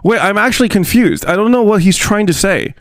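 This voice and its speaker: A man's voice: high-pitched, expressive, a little fast, no echo, clean studio sound. A young man reacting to a video on his stream, rambling and bemused as he talks to his chat. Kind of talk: casual stream commentary.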